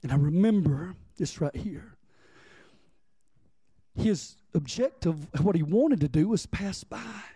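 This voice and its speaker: A man's voice: high-pitched, expressive, takes it slowly, long pauses, warm tone, breathy edge, no echo. A man preaching a sermon as pastor, reading scripture and calling on the congregation to respond.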